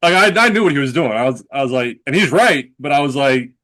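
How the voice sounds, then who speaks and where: A man's voice: mid-range voice, expressive, fast talker, a bit bright. A man in his thirties hosting a podcast, telling a long self-deprecating story in a rambling, casual way with lots of filler words. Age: 30s. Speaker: podcast host.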